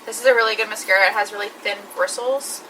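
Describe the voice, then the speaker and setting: A woman's voice: mid-range voice, steady tone, quick pace, bright, forceful tone, far from the mic, slight background noise, rough recording. A woman talking through her makeup routine step by step in a chatty vlog. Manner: chatty, explains each step. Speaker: beauty vlogger. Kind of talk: makeup tutorial.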